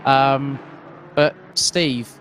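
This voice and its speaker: A man's voice: medium pitch, fairly even intonation, very slow, fairly bright tone, slight background noise. A man doing lead commentary on a sim race stream, chatty and loose, with fillers and restarts. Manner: conversational, fillers and restarts, reads out viewer comments.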